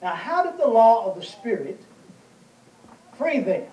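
A man preaching a verse-by-verse Bible lesson, pausing often with fillers and asking himself questions. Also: very high-pitched, big pitch swings, darkish tone, highs cut off. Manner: plain teaching with many pauses and fillers; rhetorical questions answered himself. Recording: echoey room, voice from a distance, faint noise.

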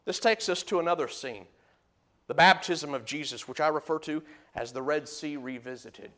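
A man preaching a sermon who moves between loud emphatic bursts and low, quiet asides while reading and explaining scripture. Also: normal speed.

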